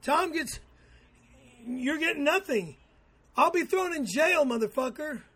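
A man on a comedy show, frantic and profane, shouting insults. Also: very high-pitched, animated, a little slow.

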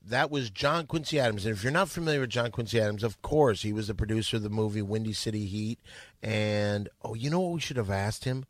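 A man's voice: on the low side, fairly quick, no echo. A male podcast host in casual comedic banter, teasing and needling his guests.

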